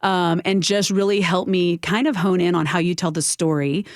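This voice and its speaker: A woman's voice: on the low side, fairly even intonation, normal speed, dry recording, clean studio sound. Texan woman telling a heartfelt story. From Texas. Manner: warm, emotional storytelling with acted quotes. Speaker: guest. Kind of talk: interview, personal storytelling. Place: radio studio.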